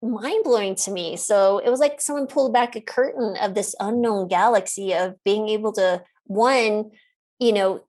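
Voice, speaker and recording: As an interview guest, a middle-aged woman who works as a physician recounts a story at medium pitch and normal speed. Her telling is casual and animated, with plenty of laughter and acted-out lines from the people in it.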